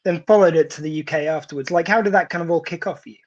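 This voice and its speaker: A male host asking relaxed, jokey questions in a casual interview chat. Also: a little high, very fast, lo-fi sound.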